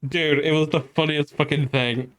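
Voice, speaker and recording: A man streaming, telling a story to his chat in a casual, animated way, swearing freely and laughing as he goes. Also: fairly high pitch, measured pace.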